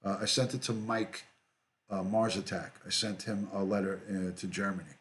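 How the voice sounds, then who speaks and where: A middle-aged man hosts a casual livestream, reading comments aloud and greeting viewers by name. His voice sits a little low, and he talks in an easygoing way, often saying things twice. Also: normal speed, a little hiss or hum. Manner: relaxed, repeats himself, greets viewers by name. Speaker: livestream host, retired detective.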